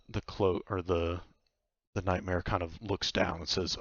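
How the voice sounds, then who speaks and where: A man's voice: low voice, fairly even intonation, normal speed, gravelly, fairly bright tone, no room sound, lo-fi sound. A man narrating a tabletop game as game master, in a casual, loose way.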